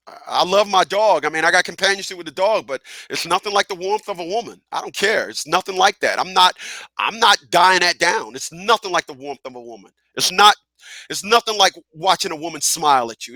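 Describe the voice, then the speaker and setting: A man hosting a live talk radio show who talks in an animated, profane way, laughs often and repeats himself. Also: high-pitched, brisk, no echo.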